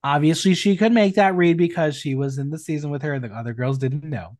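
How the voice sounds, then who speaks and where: A man hosting a podcast on a video call, chatting casually and reacting with animated quick remarks. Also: on the high side. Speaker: podcast host. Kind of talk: casual recap chat, reading quotes aloud.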